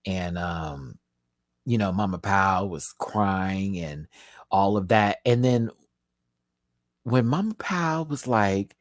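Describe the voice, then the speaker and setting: A man giving a casual live review of a reality show, expressive and profane, swinging between emotional and giggly. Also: low voice, slow pace, long pauses, no echo, studio quality.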